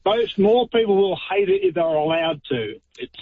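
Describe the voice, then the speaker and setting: A man's voice: high-pitched, big pitch swings, normal speed, husky, narrow, tinny audio. A man calling in to a radio show, blunt and emphatic. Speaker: caller. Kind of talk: phone-in rant.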